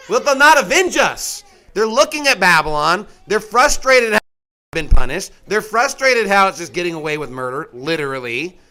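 A middle-aged man delivering a sermon in a folksy, conversational way. His voice sits high and bright, and he keeps it animated, slipping in mocking asides as he goes. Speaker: preacher.

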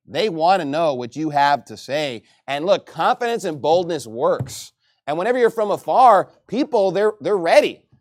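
A man from Texas preaching a sermon in a lively, joking and emphatic way. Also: on the high side, moderate pace.

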